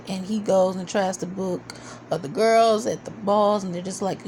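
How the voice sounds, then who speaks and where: Woman reviewer, chatty episode recap, plays out characters' lines, mid pitch, light noise behind. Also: brisk. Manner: chatty, quotes characters in animated asides. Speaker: video reviewer. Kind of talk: casual TV recap.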